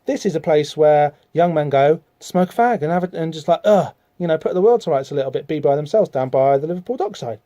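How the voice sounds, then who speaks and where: A man talks through a comic book in a loose, rambling way, full of fillers and asides. His voice sits a little high and sounds mellow and soft-edged. The recording is dull and dry, as if made at home on a modest mic. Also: expressive, quick pace, hardly any pauses, no room sound. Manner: rambling, chatty, many fillers, reads out dialogue in voices. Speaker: podcast host. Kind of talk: casual comic-book discussion.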